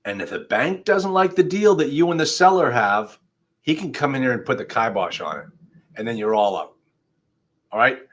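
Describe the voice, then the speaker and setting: A male attorney hosting a livestreamed legal class speaks at normal speed with a medium pitch and big pitch swings. His delivery is conversational and emphatic, aimed straight at his viewers.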